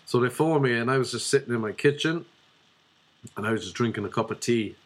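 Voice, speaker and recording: A young man telling a rambling comic story with deadpan, self-mocking asides. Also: mid-range voice, quick pace. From Ireland.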